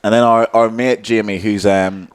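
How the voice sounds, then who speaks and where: A man's voice: fairly low pitch, steady tone, normal speed, smooth. A young man co-hosting a podcast, telling a story in a laid-back way and laughing often as he goes. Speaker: podcast co-host. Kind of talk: casual chat.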